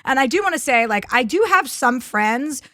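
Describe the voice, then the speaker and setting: A woman's voice: high-pitched, lively intonation, normal speed, a bit bright, no echo, clean studio sound. Frank, blunt woman podcast host. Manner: frank, blunt, swears freely. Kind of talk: casual chat. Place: studio.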